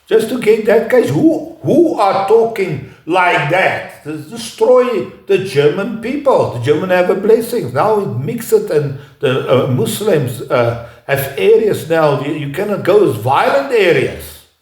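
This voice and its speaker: Halting man speaking in an echoey room. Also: high-pitched, sing-song, darkish tone. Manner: halting, with frequent "uh" pauses and restarts. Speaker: speaker giving a talk. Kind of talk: unscripted lecture.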